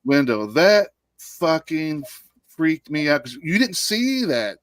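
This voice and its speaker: Host guy with a bit higher voice, cusses a lot, casual, dry sound. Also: big pitch swings, slow, no echo. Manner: blunt, swears freely. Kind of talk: casual chat.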